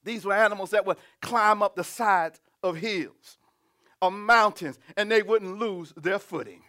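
A man preaching a sermon, reading scripture and building to shouted, humming, laughing exclamations. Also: high voice, unhurried.

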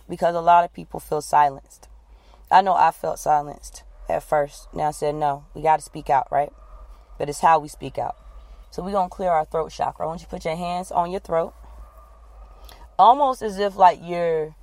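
A woman coach leading listeners through a guided breathing exercise, giving calm, repeated instructions. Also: on the low side, dry recording. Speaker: wellness coach.

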